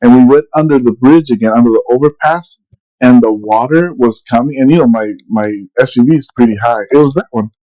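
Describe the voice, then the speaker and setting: A man's voice: medium pitch, a little fast, dark tone, poor audio. A middle-aged man casually telling a long story on a podcast, rambling with many restarts and quoted dialogue. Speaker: podcast co-host.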